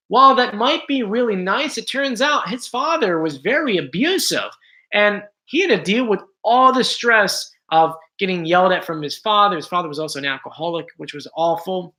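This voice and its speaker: A man's voice: high voice, pushed and bright. A man hosting a casual livestream, chatting to viewers with frequent restarts and apologetic asides. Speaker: host.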